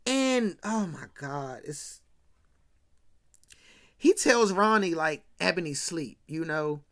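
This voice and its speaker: Animated ranting movie recapper with bright tone. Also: mid-range voice, slow pace. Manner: slangy, acts out characters' lines; swings between hushed asides and loud bursts. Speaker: host of a movie commentary channel. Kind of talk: animated film recap rant.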